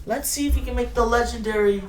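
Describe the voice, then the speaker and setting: A woman voicing a weary, patient male book editor in a comedy sketch, calm and placating. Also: a little high, fast, slight background noise, natural voice, low-quality recording.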